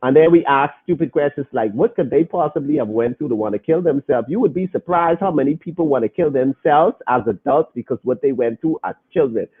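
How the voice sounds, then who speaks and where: A man's voice: mid-range voice, fairly quick, few pauses, husky. Earnest man on a phone-like line. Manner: earnest, preacher-like, repeats phrases for emphasis. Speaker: podcast host reading viewer comments. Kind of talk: casual live-stream talk. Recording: phone-like lo-fi audio.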